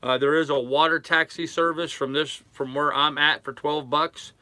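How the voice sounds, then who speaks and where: An older man live-streaming from his sailboat in a harbor, chatting casually with his chat in a relaxed, rambling way full of fillers. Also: on the high side, moderate pace. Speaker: sailing vlogger reading live chat.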